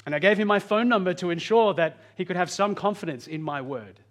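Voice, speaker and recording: An animated preacher with a voice on the high side for a man gives an earnest, pastoral sermon. For emphasis he changes his pitch and pace, lingering slowly on key phrases and racing through asides.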